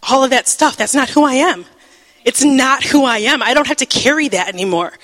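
A woman's voice: high-pitched, a bit bright, big-room sound, low-quality recording. Emotional woman sharing a faith testimony. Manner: emotional, halting, many fillers and restarts; breaks into laughter. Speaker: Bible teacher. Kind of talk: personal testimony teaching.

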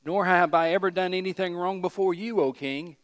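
A man's voice: high voice, brisk, big-room sound, voice pushed up, close to an everyday voice. A man reading aloud as an ancient prophet, speaking in an earnest, declaring way.

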